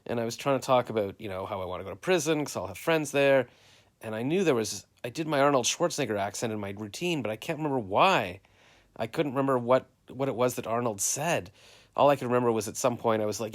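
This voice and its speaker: A man's voice: medium pitch, fast talker. A Canadian man rambling through a story of his day on a live stream, quoting everyone with "I'm like" and "he's like.". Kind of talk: casual live-stream chat.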